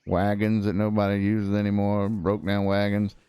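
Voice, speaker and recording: A man's voice: on the low side, completely flat delivery, normal speed, warm tone, smooth, no room sound. A man roleplaying a cranky old frontier prosecutor, rambling in a folksy way with lots of fillers. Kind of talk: in-character roleplay chat.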